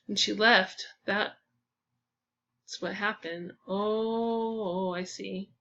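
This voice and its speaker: A woman telling a personal story in a casual, expressive way, acting out the dialogue. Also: mid-range voice, drawn-out words, dull audio. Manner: expressive, acts out dialogue with sighs and gasps.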